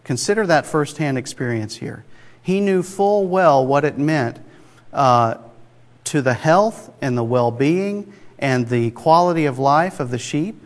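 A man's voice: fairly high pitch, lively intonation, unhurried. A man preaching a sermon in a conversational, emphatic way, with rhetorical asides to the congregation. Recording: long hall reverb.

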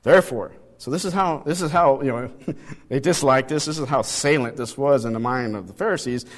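A man's voice: medium pitch, brisk. A man teaching a casual Bible study, reading passages aloud and checking in with rhetorical questions. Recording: long hall reverb.

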